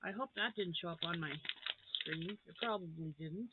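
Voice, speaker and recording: A woman's voice: fairly low pitch, moderate pace, very noisy. A woman vlogger chatting casually as she unboxes crochet gifts, gasping and gushing with delight. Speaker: crafting vlogger. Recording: tinny phone-like sound.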